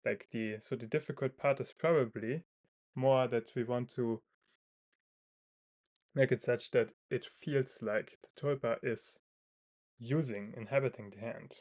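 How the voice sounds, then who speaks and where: A man's voice: mid-range voice, measured pace, pauses often, darkish tone. A man thinking aloud in a casual monologue, hesitant and full of fillers and restarts. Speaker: video creator.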